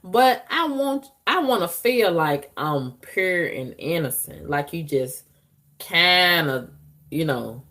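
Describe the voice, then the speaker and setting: Woman vlogging her drama, cussing a lot, lowish voice that jumps all over the place. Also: slow pace. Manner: blunt, profane and animated, with frequent exclamations. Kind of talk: casual storytelling to viewers.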